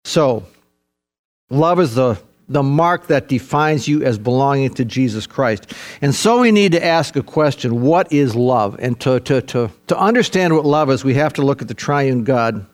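An older man preaching a sermon in a folksy, emphatic way, swinging from soft asides to fervent, rising peaks. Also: mid-range voice, animated, moderate pace. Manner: folksy, peppers talk with "see" and "man". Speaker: pastor.

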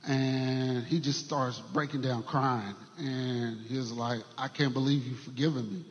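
A man sharing a church testimony story in an earnest, halting way, with many fillers and restarts. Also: mid-range voice, steady tone. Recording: dull sound with long hall reverb.

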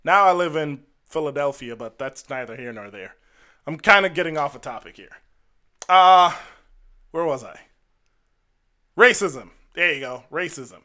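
A man's voice: on the high side, lively intonation, normal speed, bright, forceful tone, clear, resonant tone. A man from Jamaica telling personal stories to camera in a casual, earnest and wry way. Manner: earnest and wry, acts out the people in his stories. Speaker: vlogger.

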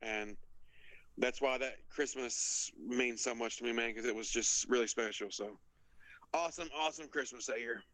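A man chats on a podcast, fondly recalling a holiday. His tone is bright and forward. The recording is dry and close. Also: medium pitch, moderate pace, no echo, rough recording. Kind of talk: casual chat.

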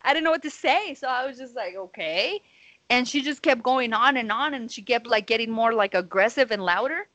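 A woman's voice: fairly high pitch, expressive, fairly quick, bright, forceful tone, no echo. A woman co-hosting a podcast from home over a video call, telling a story in a casual, profane, slangy way and acting out her own side of the conversation. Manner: profane, slangy, calls listeners "bro"; acts out her own quoted lines. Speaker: podcast co-host.

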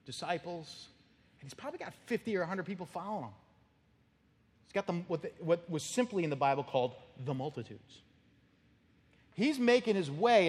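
Male pastor preaching, slightly high voice, animated storyteller, sudden shouts, long reverb of a large hall. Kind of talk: expository sermon.

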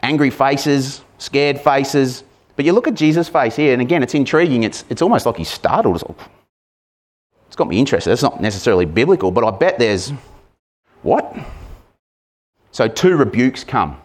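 A man's voice: medium pitch, animated, moderate pace, long pauses. Conversational male preacher. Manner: conversational, asks the congregation questions; acts out shouted lines with sudden loud bursts. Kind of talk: sermon.

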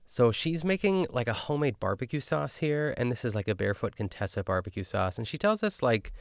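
A man's voice: mid-range voice, fairly quick, creaky, dry recording, studio quality. A man hosting a podcast, recapping a cooking show in casual, chatty talk full of fillers. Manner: chatty, filler-heavy, animated. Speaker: podcast host.

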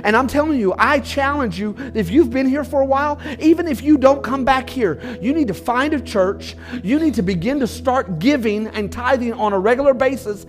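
A man's voice: very high voice, animated, moderate pace, few pauses, soft background music. A pastor preaching an emphatic sermon to his congregation about marriage. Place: church.

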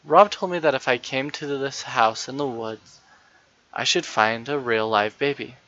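Man doing a shy, eager little girl in a storybook, bright and pitched up, dry lo-fi sound. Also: a little slow, no echo. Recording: dull, lo-fi dry recording.

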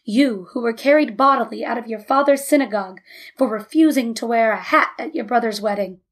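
A woman's voice: on the high side, a little fast, natural voice. A woman voicing a grumpy, irritable older man in a storybook reading, speaking in a scolding manner. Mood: scornful.

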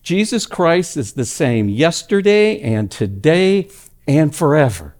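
A male pastor preaching a sermon at a church service, telling stories with animated delivery that swings between loud emphatic lines and hushed ones. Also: on the high side, slow pace.

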